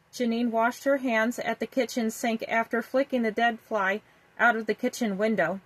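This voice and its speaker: A woman's voice: fairly high pitch, poor audio. Woman reading a children's story. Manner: gentle, even storytelling. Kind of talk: children's story read aloud.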